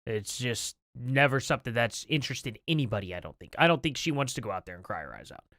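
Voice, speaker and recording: A man's voice: medium pitch, lively intonation, quick pace, fairly bright tone, no echo, clean studio sound. A man hosting a livestream, talking through his opinions in a rambling, conversational way with lots of fillers. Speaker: livestream host. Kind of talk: casual commentary.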